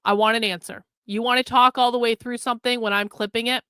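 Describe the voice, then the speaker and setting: A woman's voice: on the high side, fairly even intonation, quick pace, sharp tone, clear, resonant tone, no room sound. Blunt, profane woman scolding her chat. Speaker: livestream host. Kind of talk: livestream commentary scolding chat.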